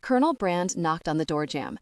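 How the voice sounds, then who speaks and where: A woman's voice: on the low side, big pitch swings, brisk, dry recording. A woman narrating a romance audiobook in the first person, telling the story steadily into a close mic.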